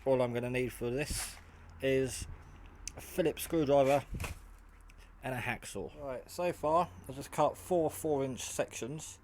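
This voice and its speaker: A man's voice: medium pitch, measured pace, a little mellow. Tired rambling man talking while he builds. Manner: rambling, chatty, many fillers and restarts. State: tired, half asleep. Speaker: hobbyist maker. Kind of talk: casual build vlog. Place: indoor workshop at home. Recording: faint background noise and clicks.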